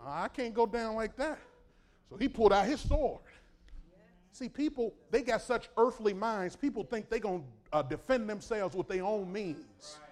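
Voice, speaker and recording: A man preaching a sermon, swinging from quiet asides to shouted exhortation. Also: high voice, moderate pace.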